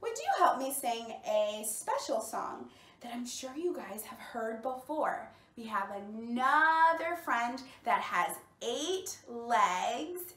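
A woman leading a bilingual storytime for small children, talking in slow, exaggerated, encouraging teacher tones. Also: high voice, a bit bright. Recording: roomy sound, mic at a distance.

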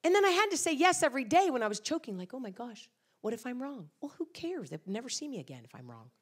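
A woman's voice: sits high, fast, slightly rough. A middle-aged woman preaching a sermon, telling stories with lots of acted-out quotes. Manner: animated storytelling with acted-out quotes. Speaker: guest speaker.

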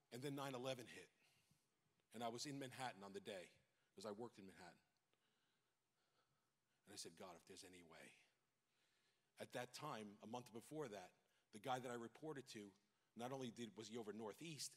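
A man's voice: mid-range voice, a bit bright. A middle-aged pastor from New York with a New York accent, preaching a sermon and exhorting his congregation with rising intensity. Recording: long hall reverb.

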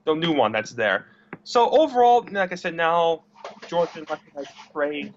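High-voiced lively young man, blunt. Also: a little slow, slight background noise. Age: young adult. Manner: rambling, blunt, swears, repeats words. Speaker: interview guest. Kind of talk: casual interview talk. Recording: dull lo-fi recording.

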